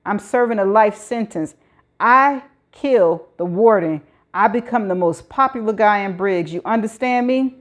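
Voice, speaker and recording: A woman's voice: medium pitch, measured pace, lightly acted. A woman voicing a desperate male convict who speaks in a crazed, menacing, on-edge way.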